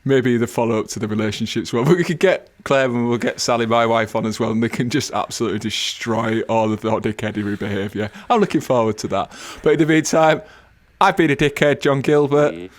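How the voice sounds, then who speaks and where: A wry English man co-hosting a relaxed podcast. His voice sits at an ordinary middle pitch, and he talks in a self-mocking way. He pokes fun at himself more than at anyone else. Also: brisk. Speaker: podcast co-host. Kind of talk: casual podcast chat.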